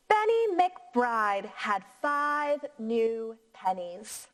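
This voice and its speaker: A woman teacher reading a picture book aloud to young children in a clear, encouraging voice. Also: high voice, sing-song. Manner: slow, clear, encouraging teacher voice with sing-song inflection.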